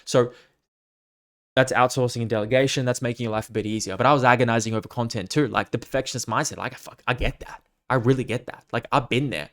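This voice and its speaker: A man's voice: mid-range voice, fairly even intonation, fast talker. A man hosting his own podcast as a coach, giving a blunt, profane, emphatic unscripted rant. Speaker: fitness coach and podcast host.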